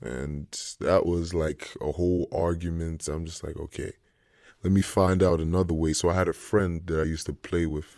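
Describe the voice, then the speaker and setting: A man's voice: deep voice, level tone, normal speed, gravelly, dark tone, dry recording, clean studio sound. A young man, a DJ, telling stories in a laid-back casual chat full of slang. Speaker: DJ guest.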